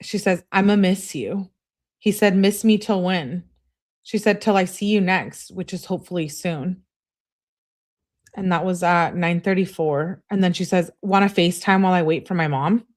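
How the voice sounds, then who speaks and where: A woman's voice: fairly low pitch, moderate pace, a little mellow. A woman hosting a live stream, reading text messages aloud with speaker tags and breaking off to comment and greet viewers. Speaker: true-crime channel host.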